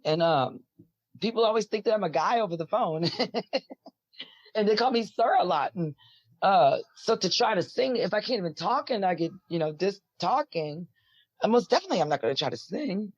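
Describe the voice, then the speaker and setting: Woman with a deep husky voice. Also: lively intonation, normal speed, no room sound. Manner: rambling, many fillers. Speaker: musician guest. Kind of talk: casual interview talk. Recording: dull lo-fi audio, dry.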